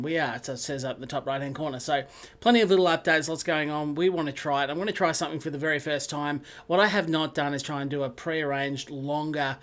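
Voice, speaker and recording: A man with a slightly high voice, hosting a live racing stream. He chats in a loose, relaxed way and calls out viewers from the chat by name. It sounds like a home desk mic setup.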